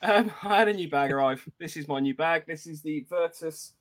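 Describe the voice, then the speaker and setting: A man from England co-hosts a loose, jokey podcast with a somewhat high voice. He laughs easily, reads listener messages out loud and drifts between topics in a relaxed, chatty way. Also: fairly quick. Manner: laughs a lot, reads listener comments aloud. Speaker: podcast co-host. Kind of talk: casual podcast chat.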